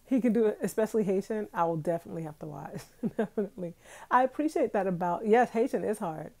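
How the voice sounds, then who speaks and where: A woman's voice: mid-range voice, animated, fast, gravelly, mellow. A woman in her thirties hosting a casual live stream from her bedroom, chatty and talking straight to her viewers. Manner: chatty, talks straight to viewers, laughs often. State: itchy nose from allergies. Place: bedroom at home.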